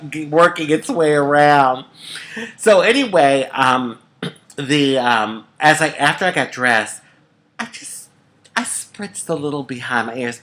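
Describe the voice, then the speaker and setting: A middle-aged woman from the United States telling a personal story to camera in a chatty, expressive way, often calling the listener honey. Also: very deep voice. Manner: chatty and expressive, calls viewers honey, swoops up for emphasis. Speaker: vlogger.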